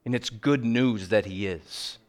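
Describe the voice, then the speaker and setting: A middle-aged man preaching a sermon as pastor, earnest, sometimes dropping low and quiet for emphasis, sometimes telling lively stories. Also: measured pace. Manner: animated storytelling with acted quotes.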